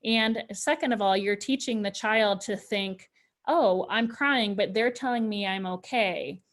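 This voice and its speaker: A woman's voice: medium pitch, unhurried. A woman presenting a parenting workshop in a loose, chatty way, with lots of "you know" and restarts. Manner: chatty, full of fillers and restarts. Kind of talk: informal talk to parents.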